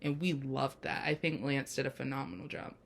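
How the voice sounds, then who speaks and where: A woman hosting a casual TV episode review, talking in an animated, expressive way and laughing easily. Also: a bass voice, brisk, creaky. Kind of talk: casual chat.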